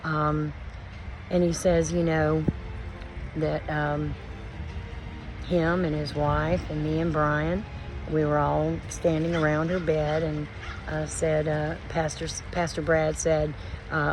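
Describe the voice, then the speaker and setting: A woman talking slowly in a halting, filler-filled way, grieving as she speaks to her vlog audience. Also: low voice, little pitch movement, noisy background. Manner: slow, halting, with many fillers. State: emotional, grieving. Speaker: homestead vlogger. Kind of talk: personal vlog to camera. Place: outdoors.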